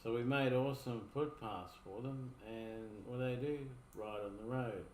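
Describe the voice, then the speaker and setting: A man's voice: mid-range voice, steady tone, normal speed. Laid-back Australian man in an echoey room. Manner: rambling, laid-back explaining. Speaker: streamer reacting to videos. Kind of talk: casual commentary. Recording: echoey room, faint noise.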